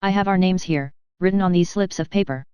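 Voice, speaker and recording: Cold commanding aunt, as a woman narrator reads her, storybook, low pitch, dull dry sound. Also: brisk, mellow, clean tone, no echo, lightly acted. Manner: curt, commanding. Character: stern, cold, proud middle-aged aunt.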